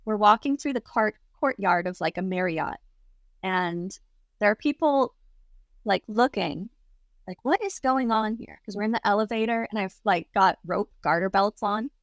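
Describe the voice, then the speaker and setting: In a dry, studio-quality recording, a young adult woman speaks at a moderate pace and medium pitch. She's a content creator appearing as a podcast guest, chatting through a story with plenty of "like" and performed quotes.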